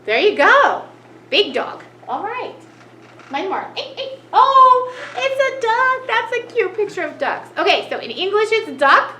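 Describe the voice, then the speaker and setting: A woman's voice: extremely high pitch, sing-song, normal speed, pushed and bright. A woman teaching a cheerful children's lesson, gasping with delight at each new picture. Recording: echoey room, faint noise.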